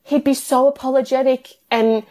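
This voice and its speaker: A woman's voice: high-pitched, fairly even intonation, moderate pace, darkish tone. Earnest woman recounting hard times. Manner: earnest, tumbling run-on storytelling with many "like"s. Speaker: interview guest. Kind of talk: emotional personal interview.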